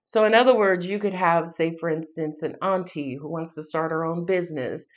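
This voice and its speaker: A woman's voice: on the low side, normal speed, dull audio. A woman with a New York accent giving a casual tarot reading in a sassy, playful way, swearing and laughing as she goes. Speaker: tarot reader.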